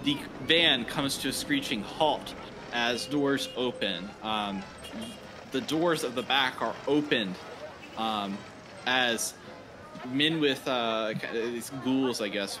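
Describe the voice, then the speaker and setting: A man narrates a tabletop game as its game master. His pitch swings in a lively way as he rambles, stalling on fillers and restarts. Music plays clearly underneath. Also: a little slow. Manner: rambling, hesitant with many fillers.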